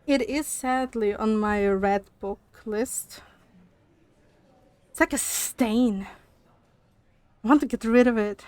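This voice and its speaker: A young woman streamer talks to her chat, a little out of breath because she walks as she talks. Her voice sits fairly high and she speaks at an unhurried pace, then gets animated and curses. The sound is close and dry, with no room around it. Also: smooth, no room sound. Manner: animated, swearing, laughs often. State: slightly out of breath, on a walking pad. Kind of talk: casual chat with live chat.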